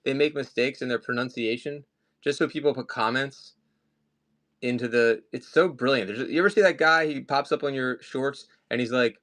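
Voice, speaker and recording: This live-stream collectibles seller has a mid-range, fairly bright voice and moderate pace. He keeps the chat casual, rambling off topic between items.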